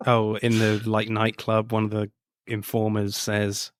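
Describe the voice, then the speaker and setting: Low-voiced man chatting about films, dry sound. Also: monotone, measured pace, clean tone, dry recording. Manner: quotes film lines with gusto and laughs often. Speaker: podcast co-host. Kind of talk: casual film review chat.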